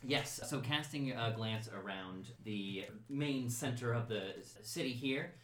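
A man running a tabletop game, narrating scenes in a halting, descriptive way. His voice has a middling pitch. He is recorded in an echoey room. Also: fairly bright tone. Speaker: game master.

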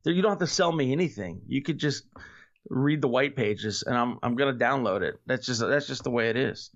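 A man's voice: medium pitch, lively intonation, brisk, dull audio. A man guesting on a casual podcast speaks in an ordinary mid-range voice. He is playful and teasing, and keeps heaping praise on the host. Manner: playful, joking, effusive with praise.

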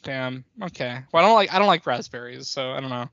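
A young man co-hosting a casual movie podcast, animated and rambling, swearing often and laughing a lot. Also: mid-range voice, fairly quick, no echo, highs cut off. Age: young adult. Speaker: podcast co-host.

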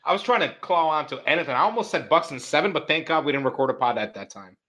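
A man co-hosting a casual basketball podcast, his voice bright and a little high. He talks loosely in slang and fills gaps with ums. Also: lively intonation, quick pace. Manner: playful, slangy, filler-heavy. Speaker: podcast co-host. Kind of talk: casual sports podcast chat.

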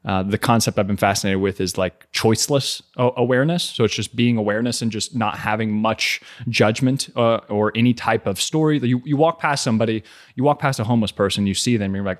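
A man's voice: medium pitch, fast talker. A man hosting a podcast in casual chat, laid-back, laughing a lot and swearing freely. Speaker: podcast host.

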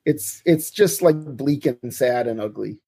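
A man's voice: medium pitch, lively intonation, unhurried, gravelly, dark tone, breathy edge. A man co-hosting a podcast, chatting casually with opinionated, wry remarks. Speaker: podcast co-host. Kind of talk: casual chat.

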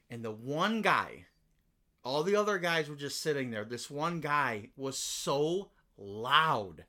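A man co-hosting a casual podcast, ranting in an animated way and swearing freely. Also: mid-range voice. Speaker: podcast co-host. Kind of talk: casual chat.

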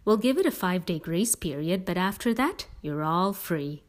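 A woman voicing a brisk, reassuring mother in a storybook reading. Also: fairly low pitch, lively intonation, natural voice.

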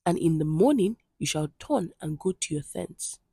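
Woman devotional reader, low husky voice, close dry mic, earnest scripture reading. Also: animated, moderate pace, warm tone, dry recording. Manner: earnest, conversational asides between readings.

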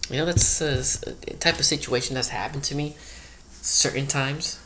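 A man's voice: a little high, steady tone, normal speed, background noise. A man doing a rambling comedic monologue, full of loose asides and repeated "you know".

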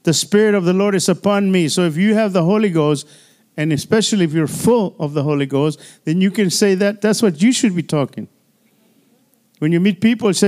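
Pastor guy preaching, kinda high voice, rambly, lots of you know and hallelujah, keeps restarting words. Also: brisk, darkish tone. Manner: repeats and restarts words often. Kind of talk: sermon.

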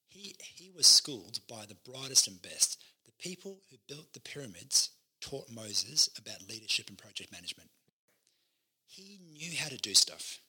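Man, pastor, podcast co-host, husky voice, very bright tone, animated teaching. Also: mid-range voice. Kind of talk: casual ministry podcast chat.

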